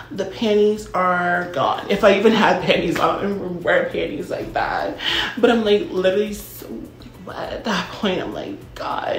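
A woman's voice: medium pitch, roomy sound. Ditzy, profane young valley-girl storyteller. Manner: self-absorbed, brash and profane. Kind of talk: comedic storytime monologue.

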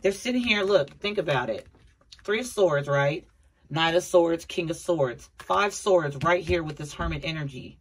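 Tarot reader voice, mid-pitched, chatty and blunt, over steady background noise. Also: normal speed. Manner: chatty, repeats herself, addresses viewers as a collective; blunt, occasional swearing. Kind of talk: casual tarot reading monologue.

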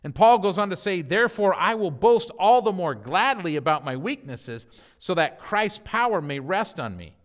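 A middle-aged man giving an encouraging sermon as a guest speaker, animated, with playful mock-enthusiastic asides. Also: high-pitched, normal speed.

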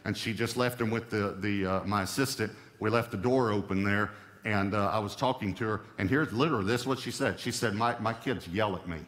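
A man's voice: lowish voice, fairly quick, a bit bright, in a large hall. A male pastor preaching a sermon, stressing key points by repeating them.

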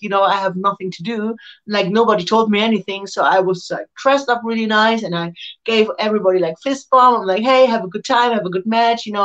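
A woman's voice: mid-range voice, a bit bright, muffled recording. A woman, a professional wrestler telling stories as an interview guest, laughing often and acting out the voices of the people she quotes. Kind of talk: casual storytelling.

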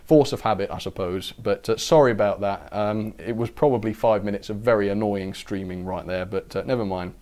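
A man's voice: fairly low pitch, a little fast, hardly any pauses, mellow. A man hosting a casual model train live stream, chatting upbeat and thanking viewers. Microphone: camera-mounted microphone.

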